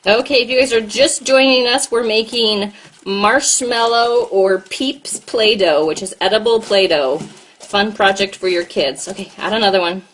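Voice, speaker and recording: A woman's voice: mid-range voice, moderate pace, a bit bright, slight background noise. An American woman and mom hosting a casual live stream while cooking, chatting to viewers and her child at once. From United States. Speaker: host and mom.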